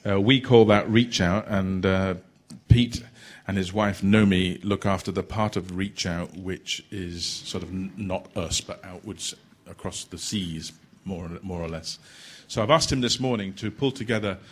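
A man introducing a guest speaker at church, hesitant with many fillers and gently joking. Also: low-pitched, a little slow. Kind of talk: church announcement.

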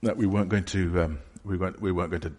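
A man preaching a sermon in a church hall. He talks in a conversational, halting way, restarting phrases and voicing imagined questions from passers-by. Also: sits low, steady tone, darkish tone. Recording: long hall reverb.

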